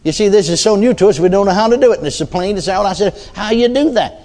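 A man's voice: sits high, very fast, darkish tone. An older man preaching a sermon in a folksy storytelling way, often adding amens and hallelujahs.

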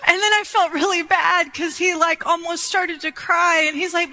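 Woman preacher, high bright voice, chatty storytelling sermon, lots of um and like, big hall echo. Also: moderate pace, few pauses. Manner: chatty storytelling with many fillers. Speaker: minister.

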